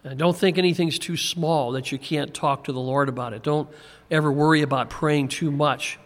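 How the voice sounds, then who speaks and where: A man teaching a Bible passage verse by verse, in a relaxed conversational way with frequent chuckles and small restarts. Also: a little high, normal speed. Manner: conversational, chuckles often, repeats words when restarting. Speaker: pastor. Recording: long hall reverb.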